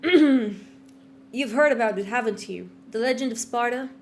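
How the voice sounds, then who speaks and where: A woman's voice: a little high, a little slow, a little hiss or hum. Woman doing a brooding young demon huntress. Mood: solemn. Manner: hushed, solemn dramatic monologue. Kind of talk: voice acting a game monologue.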